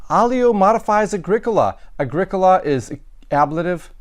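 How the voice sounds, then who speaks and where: A man's voice: high voice, expressive, normal speed. Methodical man teaching grammar. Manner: explanatory, methodical, with fillers and self-corrections. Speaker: Latin teacher. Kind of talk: recorded lecture walking through sentences.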